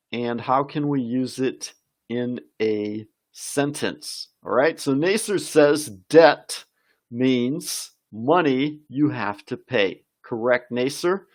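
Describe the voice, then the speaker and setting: Guy teaching english live, talks real slow, cheers on the viewers reading their comments. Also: mid-range voice. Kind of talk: live-stream English lesson.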